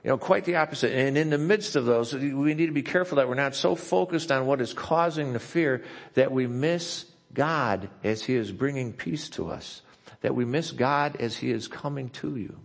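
A pastor preaching a sermon, slowing down and softening as he reads scripture quotes. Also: mid-range voice, creaky. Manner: reads scripture quotes slowly and softly, asks if he talks too fast.

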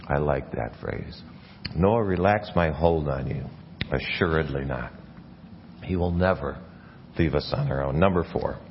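A man's voice: extremely low pitch, muffled recording, slight background noise. A man preaching a sermon as a pastor, earnest, often restarting and repeating words mid-phrase. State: coughing, something in his mouth. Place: church.

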